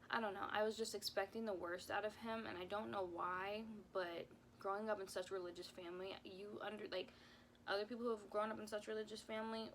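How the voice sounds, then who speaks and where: A young mom vlogger in her twenties shares a casual story-time vlog, rambling and heartfelt, full of "like"s and at times on the verge of tears. Her mid-range voice has vocal fry and a slightly bright quality, with a little hiss or hum in the background.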